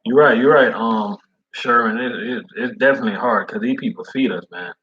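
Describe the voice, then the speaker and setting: Casual male delivery driver, slangy storyteller, mid pitch, muffled lo-fi recording. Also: brisk, a bit bright. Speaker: food service delivery driver. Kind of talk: casual chat.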